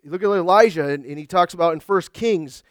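A man's voice: high-pitched, fairly quick, no echo, clean studio sound. A man preaching a sermon as pastor, earnest and emphatic, with frequent restarts. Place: church sanctuary.

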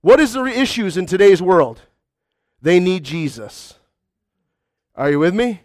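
A man's voice: sits high, big pitch swings, a little slow, a little mellow, no echo, studio quality. A man preaching a conversational sermon to a congregation, often calling out to the crowd. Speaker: pastor.

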